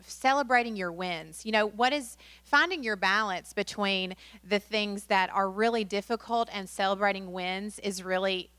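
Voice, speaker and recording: A woman's voice: mid-range voice, fairly bright tone, clean tone, dry recording. A woman presenting a training workshop in a chatty way, with many fillers. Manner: chatty, many fillers, acts out quotes in story.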